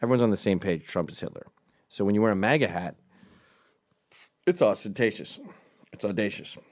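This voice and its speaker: A man from Scotland, middle-aged, with a lowish voice, telling a crude and rambling comic story. The delivery is jokey and loose, full of asides, recorded at home at night. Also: fairly quick, darkish tone.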